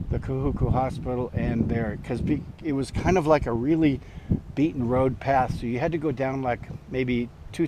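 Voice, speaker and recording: An older man in his sixties tells a long, loose story outdoors. He talks in a relaxed way full of ums and restarts, and chuckles now and then. There is clear background noise from outside around his voice. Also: mid-range voice. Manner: rambling, chuckling, with frequent fillers and restarts. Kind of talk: casual spoken storytelling.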